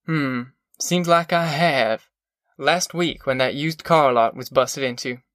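A man's voice: medium pitch, a bit bright, no echo, clean studio sound. A man voicing a smug, menacing deputy sheriff. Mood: drawling. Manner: slow, drawling, threatening.

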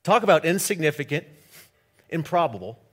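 A male pastor reading scripture and preaching, animated and jokey, swinging between loud and hushed delivery. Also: fairly high pitch, a little fast, slightly rough.

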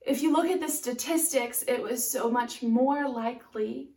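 A woman preaching a sermon to a church, slow and deliberate with emphatic pauses. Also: fairly high pitch, darkish tone. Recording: echoey room, voice from a distance.

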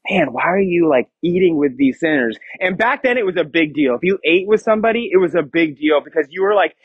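A man's voice: sits high, dry recording. A young man preaching to middle schoolers, playful and joking with them as he reads scripture aloud. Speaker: youth pastor. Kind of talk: youth sermon. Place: church youth room. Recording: dull lo-fi sound.

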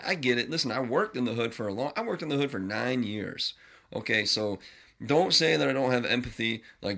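A man's voice: on the low side, vocal fry, pushed and bright. A man hosting a podcast, talking in a blunt, profane, rambling monologue. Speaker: podcast host. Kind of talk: casual ranting monologue.

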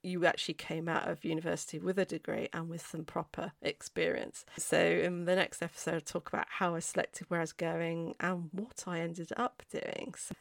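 A woman's voice: on the low side, level tone, moderate pace, vocal fry, hardly any pauses, no echo. A woman in her forties, hosting a podcast and telling a chatty, rambling story full of tangents. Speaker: podcast host. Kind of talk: casual storytelling.

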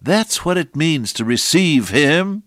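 An older man preaching a sermon, moving between hushed storytelling and raised, emphatic exhortation with slow, deliberate phrasing. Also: on the high side, sing-song, dry recording, studio quality.

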